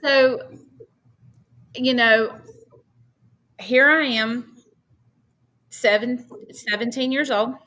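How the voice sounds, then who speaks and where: A woman, a podcast guest telling personal stories in a casual, animated way and acting out her own past dialogue. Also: mid-range voice, a little hiss or hum. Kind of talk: casual storytelling.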